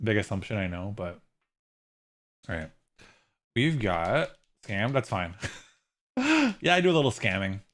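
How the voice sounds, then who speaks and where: Excitable rambling male streamer. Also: unhurried, pauses often. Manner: rambling and excitable, jumping into high squeals and mock outrage; swears freely, trails off into low mumbles. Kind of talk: casual livestream chat while gaming.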